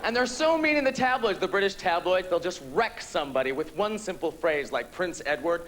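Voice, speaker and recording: A man performing a stand-up comedy set on a theatre stage, campy, with quick punchlines. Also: high voice, animated, a bit bright, a little hiss or hum. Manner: campy, rapid punchlines with quoted voices.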